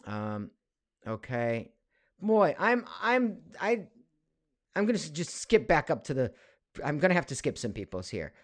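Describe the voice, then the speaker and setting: A man's voice: mid-range voice, very animated, normal speed, dry recording. A man in his forties, a voice actor, chatting casually on a live stream from his home studio, reading viewer questions aloud with lots of fillers. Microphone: studio mic.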